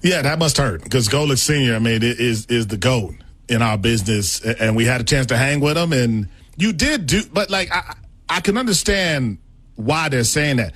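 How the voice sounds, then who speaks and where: A man's voice: medium pitch, lively intonation, normal speed, fairly bright tone, husky. A male sports radio co-host teasing his partner in casual banter, laughing often and talking over him.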